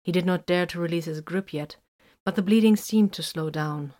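Woman reading a story in a low voice. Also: normal speed, darkish tone. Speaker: narrator.

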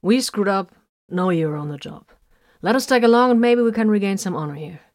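A woman's voice: on the low side, moderate pace, dry recording, studio quality, close to an everyday voice. A woman voicing a jovial, white-bearded old male sergeant of an armored warrior band, bluff and condescending.

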